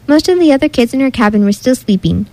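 A woman reads a children's story aloud with an expressive, animated delivery. Her voice sits fairly high, and the recording is dry and close. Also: fast, no echo, poor audio. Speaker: narrator. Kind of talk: storybook narration.

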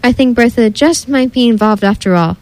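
A woman's voice: fairly high pitch, normal speed, darkish tone, dry recording, natural voice. A woman reading a storybook, voicing a skeptical young boy who reasons things out. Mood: matter-of-fact. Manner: dry, reasoning.

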